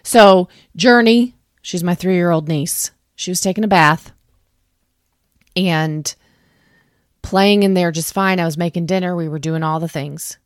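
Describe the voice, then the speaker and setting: A young adult woman co-hosting a podcast, telling a family story in an animated, chatty way full of "like.". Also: lowish voice, unhurried, dry recording, studio quality. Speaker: podcast co-host. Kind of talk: casual storytelling chat.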